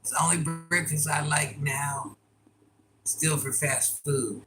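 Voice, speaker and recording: An older woman chatting casually on a live stream, laughing often and breaking into loud exclamations. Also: low voice, fairly even intonation, slow, music in the background, low-quality recording. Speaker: livestreamer.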